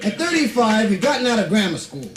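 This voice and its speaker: Lively, high-voiced man telling stand-up jokes. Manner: playful, deadpan asides, drawn-out punchlines. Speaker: stand-up comedian. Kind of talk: stand-up comic storytelling. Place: stage before a live audience. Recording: roomy live stage recording, audience laughter.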